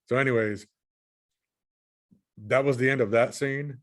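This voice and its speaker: A man's voice: medium pitch, brisk, long pauses. A man from California recounting his dreams in a casual, rambling way, often repeating and restarting his words as he shares his screen. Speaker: channel host recounting dreams. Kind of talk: casual spoken recounting while screen sharing.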